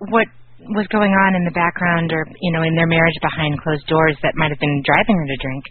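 A man's voice: fairly high pitch, fairly even intonation, a little fast, slight background noise. A man co-hosting a casual radio talk show, wry and joking. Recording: tinny phone-like line.

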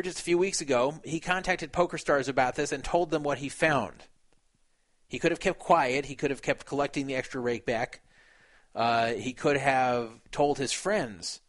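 A man's voice: medium pitch, a bit bright. A man retelling a poker dispute in a casual, opinionated way. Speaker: poker commentator. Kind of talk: casual commentary.

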